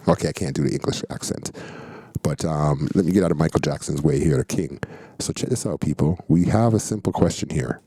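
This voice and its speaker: Low mellow-voiced man reacting to clips. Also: a little fast, breathy edge, no room sound, low-quality recording. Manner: slangy, chatty, rhetorical questions. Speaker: reaction video host. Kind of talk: casual reaction commentary.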